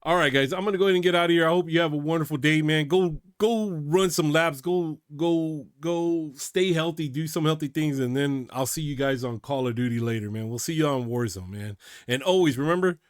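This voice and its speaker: A man ranting on his own channel, his voice a touch high and his sound dry and close. He is openly worked up, swings between loud emphasis and hushed asides, and keeps tacking "man" onto his sentences. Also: brisk, few pauses, clean tone, no echo. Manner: worked up, repeats "man" often; emphatic, drops loud to quiet. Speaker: channel host. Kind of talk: reaction video rant.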